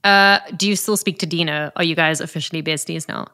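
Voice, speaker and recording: A woman's voice: low-pitched, fairly even intonation, fairly quick, sharp tone, clear, resonant tone. A woman interviewer asking playful, teasing questions in a casual chat.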